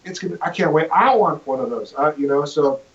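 Enthusiastic man, slightly high voice, lo-fi sound. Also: lively intonation, a little fast. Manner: enthusiastic, rambling, self-correcting. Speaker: guest. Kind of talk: casual storytelling chat.

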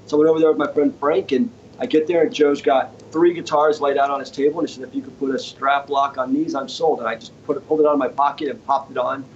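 A man's voice: mid-range voice, fast talker, hardly any pauses, highs cut off, a little hiss or hum. A man, a guitarist and inventor, telling a story as a guest in a casual interview, acting out the other people's lines as he goes. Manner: animated storyteller acting out quoted voices. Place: home studio.

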